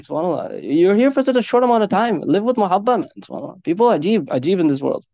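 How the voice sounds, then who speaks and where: Fast-talking earnest male preacher. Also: sits high, sing-song, creaky, mellow, no room sound. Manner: earnest, conversational, peppered with Arabic phrases. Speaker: Islamic preacher. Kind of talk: informal sermon to a congregation. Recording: dull lo-fi dry recording.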